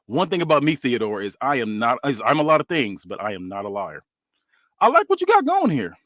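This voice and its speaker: A man's voice: mid-range voice, wildly swooping pitch, brisk, a bit bright, dry recording, clean studio sound. A man voicing a smug, scheming male rival businessman who talks down to people while reading out a fantasy wrestling script. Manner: condescending, slick, faintly mocking. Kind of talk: read-aloud fantasy wrestling booking.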